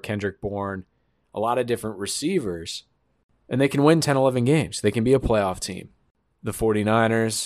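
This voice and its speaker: Male sports talker, deep voice, joking and opinionated, dry close sound. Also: darkish tone, no echo. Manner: fast riffing, joking asides, opinionated. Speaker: sports commentator. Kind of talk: casual sports talk.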